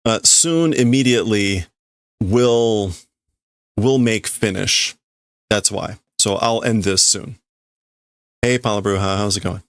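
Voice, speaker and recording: A man's voice: lowish voice, fairly even intonation, unhurried, pauses often, no echo, studio quality. A man livestreaming as he reads and translates manga in a casual way, thinking aloud and often stopping to correct himself.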